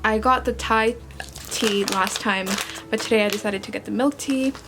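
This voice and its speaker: Against a noisy background, a young woman with a medium-pitched voice talks to camera at normal speed. Her vlog chat is casual, earnest and talkative, peppered with fillers and self-corrections.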